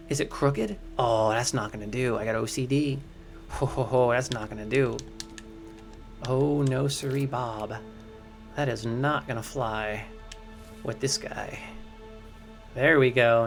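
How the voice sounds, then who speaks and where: Gravelly, chatty male game streamer. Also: mid-range voice, unhurried, long pauses, faint music behind. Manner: chatty, hyped, slangy, talks to chat as crew. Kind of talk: casual livestream commentary.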